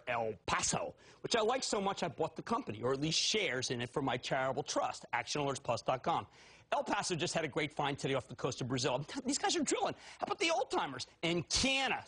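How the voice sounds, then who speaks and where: A man in his fifties hosting a TV stock market show, talking loud, manic and theatrical with sudden shouts. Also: fairly high pitch, very animated, fairly quick, husky. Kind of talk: excitable TV stock commentary.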